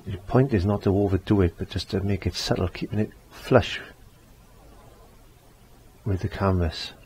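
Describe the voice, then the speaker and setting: Low-voiced man teaching painting. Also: moderate pace, darkish tone, a little hiss or hum. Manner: chatty, repeats himself while working. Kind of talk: step-by-step painting tutorial.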